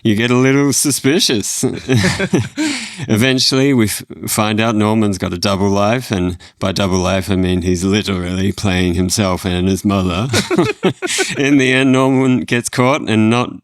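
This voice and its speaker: A man's voice: on the low side, a little slow, no echo, natural voice. A man putting on a wisecracking middle-aged New York standup comedian with a shaky accent, breaking into giggles as he reads. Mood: giggly mock standup. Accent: attempted New York. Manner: keeps breaking into giggles mid-joke.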